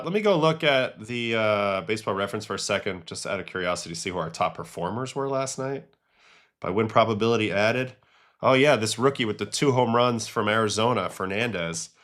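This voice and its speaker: A man, a former pitcher, hosting a casual livestream, chatting and reacting to baseball clips and chat questions. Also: a bit bright.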